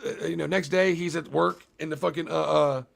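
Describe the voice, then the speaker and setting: A man's voice: a little high, steady tone, fairly quick, vocal fry. A young man recapping a movie on a casual live stream, rambling and swearing often and talking to his chat. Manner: profane, rambling, talks to chat.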